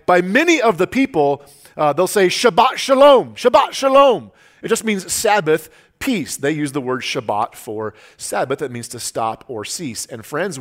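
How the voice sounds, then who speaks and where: A man's voice: a little high, a bit bright. Earnest man preaching a sermon. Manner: earnest, conversational preaching with frequent restarts. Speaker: pastor.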